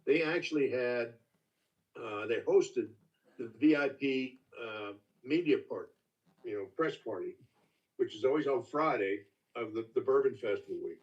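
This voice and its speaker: An older man telling stories as a master distiller guest in a casual, folksy, halting way. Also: medium pitch. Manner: folksy, halting, with many restarts. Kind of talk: casual storytelling. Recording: distant, dull lo-fi call audio.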